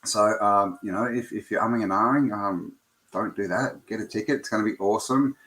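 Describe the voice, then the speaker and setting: A man's voice: fairly low pitch, fairly quick, fairly bright tone. Chatty man hosting a livestream. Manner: chatty, rambling, many ums and restarts. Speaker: live stream host. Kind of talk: casual live-stream chat greeting viewers.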